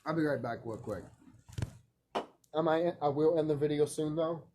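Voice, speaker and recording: A man vlogging in a rambling, profane casual monologue, animated and laughing often. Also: fairly high pitch, moderate pace, noisy background.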